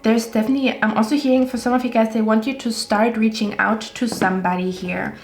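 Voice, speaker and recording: A woman's voice: fairly high pitch, steady tone, quick pace. A woman giving a casual tarot reading, chatty and reassuring, often checking in with "okay?". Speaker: tarot reader. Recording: roomy echo with faint music.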